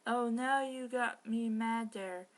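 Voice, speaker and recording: A woman reading a fan story aloud, voicing a gruff giant Scottish man in a put-on Scottish accent with a slow, drawling brogue. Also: on the high side. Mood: taunting.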